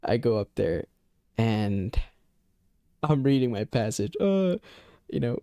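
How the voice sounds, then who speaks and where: A man's voice: medium pitch, expressive, moderate pace, darkish tone, no room sound, clean studio sound. A young man telling a personal story in a loose, rambling way, swearing often and leaning on filler phrases. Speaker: vlogger. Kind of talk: casual storytime.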